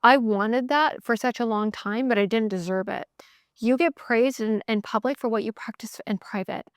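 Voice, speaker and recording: A woman's voice: a little high, moderate pace, dry recording, studio quality. A woman host giving a candid, motivational solo talk, emphatic and repeating phrases in bursts. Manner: candid, swears casually. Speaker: sales coach podcast host.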